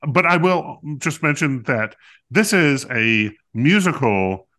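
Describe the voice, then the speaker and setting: A man's voice: mid-range voice, lively intonation, slow pace, pushed and bright. A man co-hosting a podcast, reviewing a musical in casual chat, talkative and playful with many fillers.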